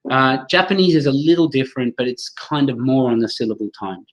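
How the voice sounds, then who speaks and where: A man's voice: mid-range voice, animated, fairly quick, low-quality recording. A man leading a live online training for teachers over a computer mic, chatty, reacting to viewers' comments and often restarting his sentences.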